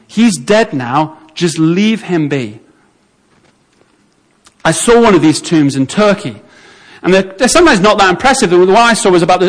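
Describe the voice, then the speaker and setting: A man preaching a sermon, telling the story vividly and acting out how onlookers would react. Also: high-pitched.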